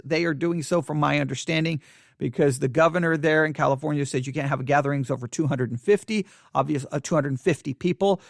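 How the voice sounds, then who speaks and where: A man with a notably high voice delivers impassioned solo commentary. He pleads with his listeners and stumbles through repetitions and restarts. The recording is dry and close, with no room sound. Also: no room sound. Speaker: Christian commentator.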